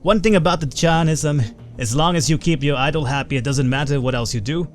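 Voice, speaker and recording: A man's voice: a little high, a little fast, close to an everyday voice. Guy doing a rowdy old irish punk mage, brash swagger, game dialogue, faint music behind. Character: gruff older male punk-rocker mage, rowdy.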